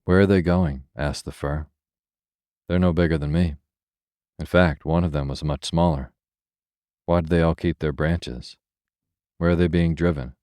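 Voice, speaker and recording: A restless young fir tree, voiced by a man, longs to leave the forest in a bedtime storybook. It asks eager, yearning questions in a very deep voice. The tone stays dark and mellow, and the recording is dry. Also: steady tone, a little slow, pauses often, no echo.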